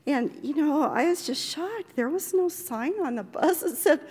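An older woman from Oregon telling a personal memoir story in a gentle, reflective way, with light laughs. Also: high voice, expressive, moderate pace, few pauses, long reverb tail. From Oregon, USA.

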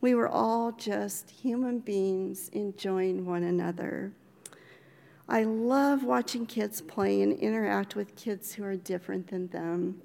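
An older woman from Oregon telling a personal memoir story in a gentle, reflective way, with light laughs. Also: medium pitch, fairly even intonation, slow pace, creaky, in a large hall. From Oregon, USA.

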